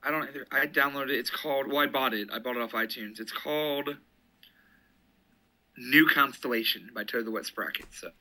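A man in his thirties chatting casually on a podcast, with a very bright, tense edge to his voice. He sounds laid-back and dry, and his jokes come out deadpan. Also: medium pitch, brisk. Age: 30s. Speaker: podcast co-host. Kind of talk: casual chat.

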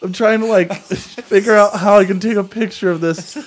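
A young man with a slightly raised pitch tells a story in easy, casual chat. He rambles, stacking fillers and restarts as he goes. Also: fairly even intonation, normal speed.

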